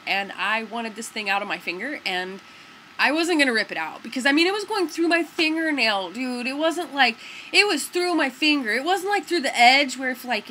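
Bright-voiced young woman rambling casually. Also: fairly high pitch, a little hiss or hum, low-quality recording. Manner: rambling, filler-heavy, says "like" and "dude". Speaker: vlogger. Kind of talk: casual storytelling to camera.

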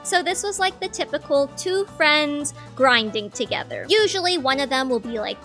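A woman's voice: sits high, lively intonation, normal speed, sharp tone, soft background music. A young woman hosting a gaming channel, narrating gameplay in a playful, mock-boastful, trash-talking way. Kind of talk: comedic gameplay voice-over.

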